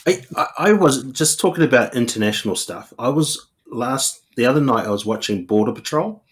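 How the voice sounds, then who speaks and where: A man's voice: medium pitch, expressive, fairly quick. A man, a guest comedian rambling through anecdotes in casual chat. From New Zealand. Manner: rambling anecdotes, acts out quotes.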